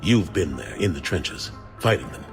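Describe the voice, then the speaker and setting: An actor playing a firm, steady older male fleet admiral who mentors a soldier in a game cutscene. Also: sits low, normal speed, faint music behind.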